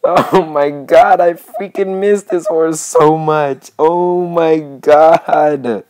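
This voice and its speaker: A woman giving let's-play commentary, excitable and casually swearing, with lots of repeated phrases. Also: low-pitched, extremely slow. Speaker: gaming channel host.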